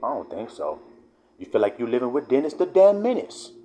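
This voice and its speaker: A man's voice: medium pitch, wildly swooping pitch, a little fast, dark tone, a little hiss or hum. A man preaching in a fiery, emphatic, profanity-laced sermon style. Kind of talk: street-style sermon vlog.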